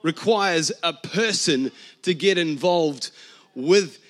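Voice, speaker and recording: A New Zealand man preaching a lively, joking sermon as pastor in a conversational way. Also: a little high, takes it slowly.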